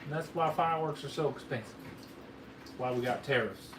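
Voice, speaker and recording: This man has a mid-range voice and a brisk delivery. He hosts a fireworks video in an affected Southern drawl, rambling and joking folksily through a hands-on demonstration filmed by a camera operator. The camera mic's audio is roomy and distant, with faint noise underneath.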